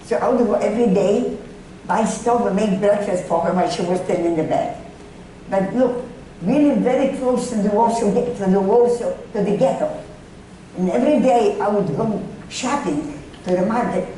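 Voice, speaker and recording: A woman's voice: mid-range voice, warm tone. Older woman recalling the war, far off in an echoey room. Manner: halting, repeats words while recalling, emotional. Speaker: Holocaust survivor speaking to students. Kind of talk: personal testimony to a student audience. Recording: echoey room, mic far off, faint noise.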